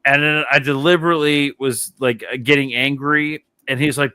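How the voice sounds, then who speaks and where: A man's voice: fairly high pitch, moderate pace, sharp tone, clear, resonant tone, dry recording, clean studio sound. A man hosting a casual podcast chat, telling rambling stories full of swearing and laughter. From Texas. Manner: rambling, profane storytelling with frequent laughs. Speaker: podcast host.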